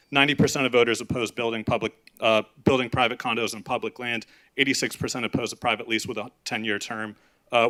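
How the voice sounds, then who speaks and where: A man's voice: mid-range voice, bright, forceful tone. A young man giving an urgent, impassioned public comment at a city meeting, reading a prepared statement.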